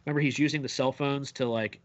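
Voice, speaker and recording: A man holds forth in a casual podcast chat, blunt and profane, with a mid-range voice. The audio is a little dull, as if slightly muffled. He gets animated when he tells a story. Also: mid-range voice, quick pace. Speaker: podcast co-host.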